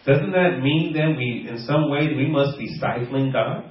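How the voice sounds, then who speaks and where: A man's voice: mid-range voice, a little slow. A man preaching a sermon as a pastor, playful and laughing often as he acts out bits of everyday talk. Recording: echoey room, voice from far off, dull sound.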